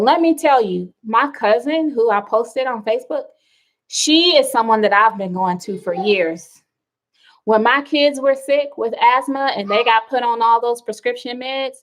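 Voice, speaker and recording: Slow, chatty woman hosting a wellness livestream. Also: fairly high pitch, rough recording. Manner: chatty, reads viewer comments aloud, rambling asides. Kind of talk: casual livestream chat.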